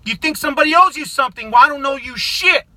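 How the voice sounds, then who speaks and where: A middle-aged man from the United States rants furiously to his viewers, swearing and often breaking into shouts. His voice sits unusually high and sounds sharp and bright. The recording is dry, with no room echo. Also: expressive, fast. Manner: profane, shouting, confrontational. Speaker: vlogger. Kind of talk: angry political rant to camera.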